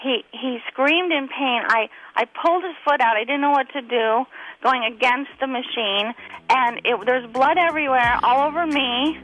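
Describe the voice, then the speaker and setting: A woman's voice: high voice, moderate pace, a bit bright, poor audio. A middle-aged woman, a comedian guest, telling rambling, giggly anecdotes in casual chat.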